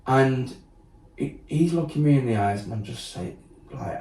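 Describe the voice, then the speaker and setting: This podcast guest is a man sharing a candid tale in a blunt, profane way, acting out quotes and leaning on lots of filler words. He speaks unhurriedly at medium pitch, expressive and slightly mellow, with vocal fry. A distant mic gives roomy sound, and there's slight background noise.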